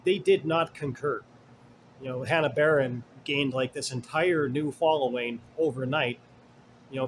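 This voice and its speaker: A man's voice: on the high side, a little hiss or hum. A man hosting a casual commentary monologue, rambling and digressive with many asides, blunt and sarcastic at times. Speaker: commentary host.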